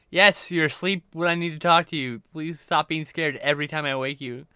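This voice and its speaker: A man's voice: fairly high pitch, steady tone, fairly quick, sharp tone, smooth, no room sound, clean studio sound. A man streaming live and chatting casually, rambling and now and then breaking into silly noises.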